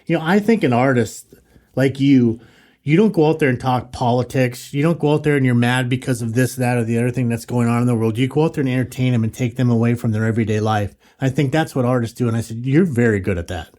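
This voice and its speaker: A man's voice: medium pitch, fast talker, darkish tone. A man co-hosting a podcast in casual conversation, earnestly urging listeners to chase their dreams. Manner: earnest, motivational, talks straight to listeners. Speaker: podcast co-host.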